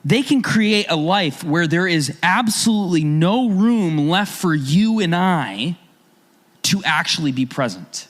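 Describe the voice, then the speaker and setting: A man's voice: high-pitched, expressive, measured pace. A man preaching a sermon as a pastor, talking in a conversational way and asking his listeners rhetorical questions.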